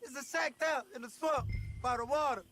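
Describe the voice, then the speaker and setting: A man's voice: extremely high pitch, brisk, bright, forceful tone, a little hiss or hum, exaggerated voice. An actor voicing a panicked man who frantically begs a stranger for help, in a video game. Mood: pleading. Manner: frantic, pleading.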